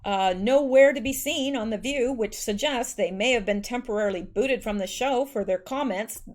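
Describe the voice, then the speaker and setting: A woman's voice: on the high side, normal speed. A woman hosting a political commentary show, reading news articles aloud and adding sarcastic, scornful asides with many fillers. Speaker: political commentary channel host.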